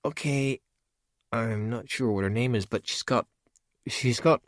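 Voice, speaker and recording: A man's voice: mid-range voice, unhurried, no room sound, pitched above the performer's own voice, lightly acted. A man reading aloud and voicing a bold, sarcastic young woman in a storybook, with dry, wisecracking talk.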